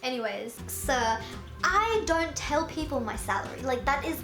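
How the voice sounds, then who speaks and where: Young woman, high voice, chatty storytime, echoey room, faint music. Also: moderate pace. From Australia. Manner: chatty, animated, lots of "like". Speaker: YouTuber. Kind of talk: storytime vlog.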